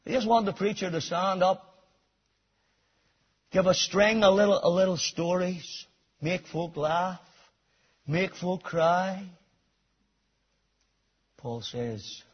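Husky high-voiced male preacher, dynamic sermon delivery, dull lo-fi recording. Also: slow, pauses often. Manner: swings from low quiet stretches to loud shouted emphasis.

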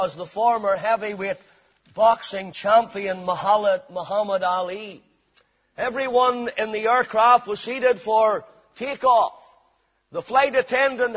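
A man preaching a sermon, reading scripture aloud and expounding it with slow, emphatic delivery. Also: high-pitched, breathy edge. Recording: dull lo-fi sound in a reverberant hall.

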